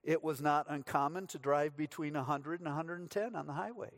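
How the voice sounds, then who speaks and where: Middle-aged male pastor, sermon delivery, dry humor, fairly high voice. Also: steady tone, brisk.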